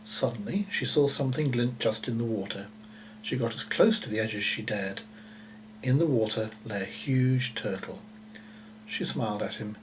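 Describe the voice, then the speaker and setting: A man reading a children's story aloud in a gentle, unhurried way, with occasional small slips. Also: medium pitch, slight background noise, rough recording.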